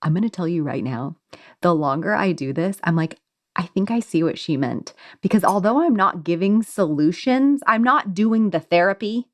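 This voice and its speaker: A woman hosting a podcast and working as a doula, speaking in an animated, affirming way and laughing easily. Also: on the low side, moderate pace. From United States. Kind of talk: conversational interview.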